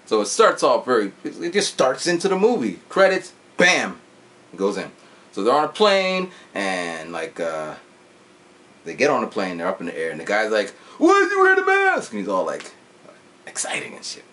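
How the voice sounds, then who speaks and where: A man in his forties chats through a movie story with a lively, swinging delivery. He throws in sound effects and swears casually as he goes. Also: fairly low pitch, normal speed. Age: 40s. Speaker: vlogger reviewing a movie. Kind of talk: casual chat.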